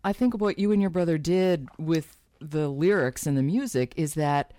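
A woman interviewer asking measured, thoughtful questions. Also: low-pitched, warm tone, dry recording.

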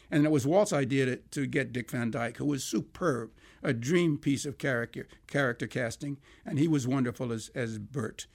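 An older man, a songwriter being interviewed, telling lively anecdotes, acting out quoted dialogue and laughing as he goes. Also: medium pitch, vocal fry. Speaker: songwriter guest.

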